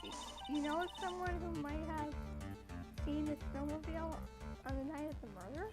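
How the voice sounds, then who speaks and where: A high-pitched woman reads game lines and cracks playful quick jokes. Loud game music plays under her voice the whole time. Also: steady tone. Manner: playful, quick jokey interjections. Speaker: let's-play co-host. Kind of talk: reading game dialogue aloud with joking asides.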